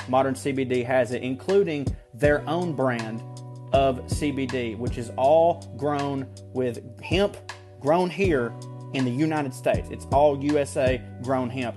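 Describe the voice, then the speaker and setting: Chatty man doing a joking ad read. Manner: chatty, joking, swoops up high for emphasis. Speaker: podcast co-host reading an ad. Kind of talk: casual ad read.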